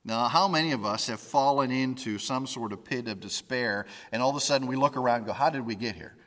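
A man giving a conversational Bible lesson, informal and halting, often stopping to restart his sentences. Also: medium pitch, a bit bright, long reverb tail. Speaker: Bible teacher.

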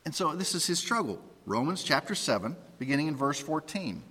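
A man delivers a sermon, reading scripture aloud and teaching from it point by point. His voice sits a little higher than most men's. Long reverb trails after his words as they ring through a hall. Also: very animated, brisk, few pauses, sharp tone, slightly rough. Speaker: preacher.

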